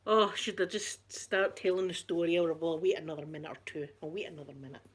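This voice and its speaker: A woman's voice: on the low side, fairly even intonation, fast, breathy edge. A Scottish woman chatting casually on a live stream, greeting viewers by name and telling a story with giggles. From Scotland. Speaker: vlogger.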